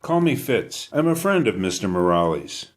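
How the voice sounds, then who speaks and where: A man reading an audiobook, voicing a friendly, persistent British biker who coaxes a wary boy, with a low voice. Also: sing-song, moderate pace. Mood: coaxing.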